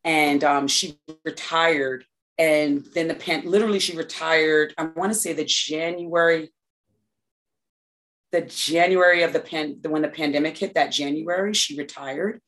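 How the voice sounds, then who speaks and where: A woman's voice: low voice, steady tone, a little slow, fairly bright tone. A woman from New York, a guest in a casual interview, talking in a reflective way with many restarts and fillers.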